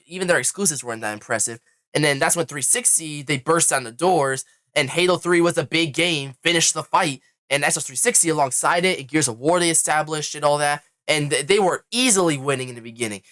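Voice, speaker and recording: Bright, slightly high-voiced man rambling. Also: dry recording, studio quality. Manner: rambling storytelling, acts out companies in quotes. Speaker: podcast co-host. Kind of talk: casual gaming news chat.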